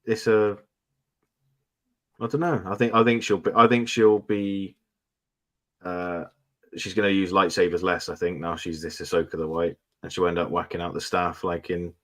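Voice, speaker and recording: Low-voiced man, opinionated. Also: flat delivery, normal speed, fairly bright tone. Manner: opinionated, rambling. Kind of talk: casual chat.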